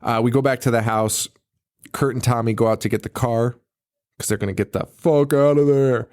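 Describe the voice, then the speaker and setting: A man's voice: medium pitch, fairly even intonation, a little fast, darkish tone, clear, resonant tone. A man hosting a podcast in casual chat, rambling, swearing often and laughing a lot. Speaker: podcast host.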